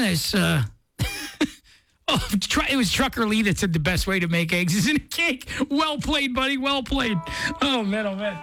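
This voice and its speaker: A male talk radio host chatting casually, with an excitable, playful manner and frequent laughs. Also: high-pitched, no room sound.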